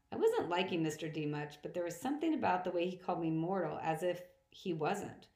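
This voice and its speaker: A woman narrating a novel in the first person with plain, even storytelling, recorded in an echoey room. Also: on the low side, a little fast, few pauses. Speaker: audiobook reader.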